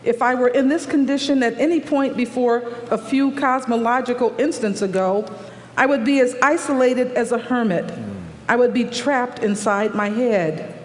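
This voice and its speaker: High-voiced man reading in an echoey hall. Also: normal speed. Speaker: guest speaker reading a written text aloud. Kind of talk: reading a prepared essay on stage. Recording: echoey hall with long reverb.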